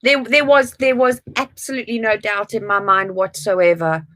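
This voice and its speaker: A woman's voice: medium pitch, steady tone, normal speed, fairly bright tone. A woman guest, a former client, speaking in an earnest, reflective way in casual conversation.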